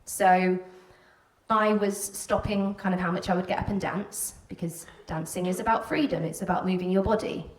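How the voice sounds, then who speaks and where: A woman's voice: lowish voice, normal speed. Welsh-border woman telling a candid story. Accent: Welsh border English. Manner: candid, animated, acts out quoted voices. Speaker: stage speaker telling a personal story. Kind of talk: live personal storytelling talk. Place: stage before an audience. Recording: roomy hall, voice from a distance.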